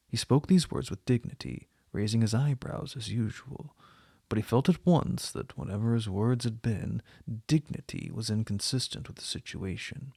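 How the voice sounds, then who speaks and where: A man reading a classic novel aloud as an audiobook, in a measured, even narration. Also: medium pitch, vocal fry, breathy edge, no room sound, clean studio sound. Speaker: audiobook reader.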